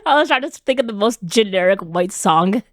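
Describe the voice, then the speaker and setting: A woman's voice: medium pitch, expressive, a little fast, no room sound, clean studio sound. A young woman co-hosting a podcast, playful and giggly in casual chat. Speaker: podcast co-host.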